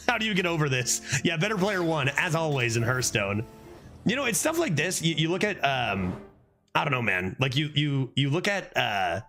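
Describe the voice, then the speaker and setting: A fairly high-voiced man commenting on his own card game while streaming, his pitch swinging widely as he reacts. He talks casually, swears freely and bursts into laughter. Soft music plays faintly behind him. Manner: animated, swears often, frequent laughing outbursts.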